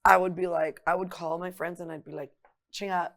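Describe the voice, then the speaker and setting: A woman's voice: fairly low pitch, flat delivery, quick pace, fairly bright tone. A middle-aged woman hosting a casual chat, firing blunt, teasing questions at her guest. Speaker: host.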